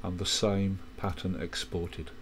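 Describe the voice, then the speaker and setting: A man calmly walking through a music software tutorial, explaining step by step with quick asides. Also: low voice. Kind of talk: screen-recorded software tutorial.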